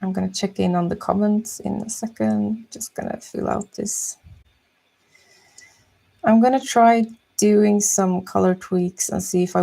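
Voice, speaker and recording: Slow, gravelly-voiced woman streamer. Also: medium pitch. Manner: soft-spoken, slow and musing. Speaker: streamer drawing live. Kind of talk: casual chat while drawing.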